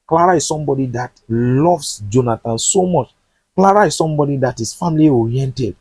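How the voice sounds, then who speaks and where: A man's voice: mid-range voice, a little mellow, husky, no room sound, poor audio. A man recapping a drama series in chatty, sympathetic commentary. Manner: chatty, sympathetic, uses fillers. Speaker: movie recap presenter.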